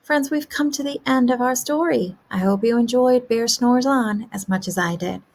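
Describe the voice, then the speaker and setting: A woman kindergarten teacher giving a remote lesson, asking young children gentle, encouraging questions about a story. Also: fairly high pitch, moderate pace, slight background noise.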